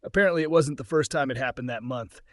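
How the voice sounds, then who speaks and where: A man's voice: mid-range voice, fast, dry recording, studio quality. A man telling a first-person story in an earnest, conversational way.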